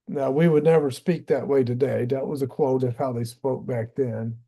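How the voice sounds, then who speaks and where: A man's voice: mid-range voice, steady tone, moderate pace, few pauses, mellow, slightly rough. A man from Tennessee with a Southern US accent, reading a history book aloud and adding casual asides of his own. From Tennessee, USA. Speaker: audiobook reader.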